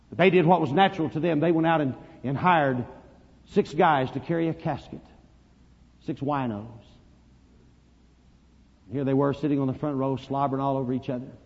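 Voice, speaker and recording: A male preacher with a somewhat high, husky voice tells a sermon story, swinging between hushed and loud. The recording is dull and lo-fi, with a long reverb trailing behind him in a church.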